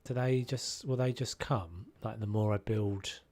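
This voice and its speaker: A man's voice: lowish voice, fairly even intonation, measured pace, a little mellow. A man casually chatting and musing aloud while live-streaming a game, now and then humming tunes.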